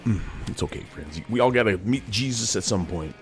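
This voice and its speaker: A man's voice: fairly low pitch, expressive, fairly quick, music in the background. A middle-aged man, hosting a rambling, folksy monologue from his home studio as a sergeant major persona. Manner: folksy, keeps calling the audience "friends".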